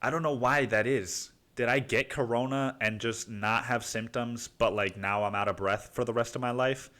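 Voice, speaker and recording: This solo podcaster from Cancun, Mexico, speaks at medium pitch and a moderate pace, his intonation fairly even and his tone a bit bright. He rambles casually, swears often and calls the listener dude.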